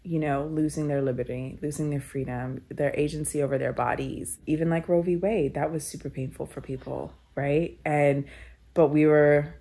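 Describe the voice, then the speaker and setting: A woman's voice: low voice, steady tone, moderate pace, warm tone, slight background noise. A woman telling a candid personal story in an interview, earnest and reflective, with many filler "likes". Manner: tearful laughing when moved.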